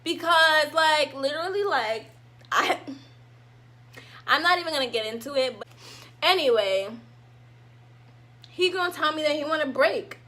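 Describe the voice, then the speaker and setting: A young woman vlogger telling a casual storytime, animated, and acting out her own past lines dramatically. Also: sits high, unhurried, long pauses. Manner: animated, dramatic reenactments of herself.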